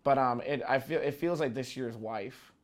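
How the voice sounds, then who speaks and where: A man's voice: mid-range voice, normal speed. A man, a film critic, giving emphatic, opinionated takes in a casual podcast chat, often restarting his sentences.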